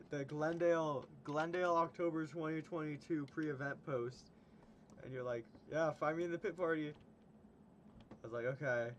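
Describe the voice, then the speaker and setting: A man's voice: fairly high pitch, a bit bright, slight background noise. A young man hosting a casual livestream, chatting with a guest, laughing often and retelling stories. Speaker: stream host.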